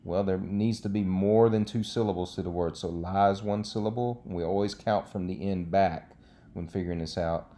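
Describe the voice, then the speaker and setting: A man's voice: low-pitched, steady tone, normal speed, warm tone. A man teaching a recorded Spanish lesson, explaining step by step in a patient way with frequent checks like "okay".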